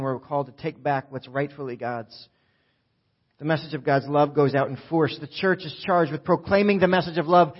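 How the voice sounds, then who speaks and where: A man's voice: sits high, highs cut off. A middle-aged man preaching a sermon as pastor, passionate and building through repeated phrases. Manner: impassioned, repetitive preaching builds.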